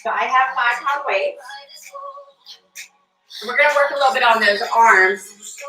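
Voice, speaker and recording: Cheerful and upbeat, this barre instructor has a slightly high, sharp-toned voice as she cues a live-streamed workout class, counting reps aloud and talking to members by name. A distant mic catches her in a roomy, echoey space with faint music.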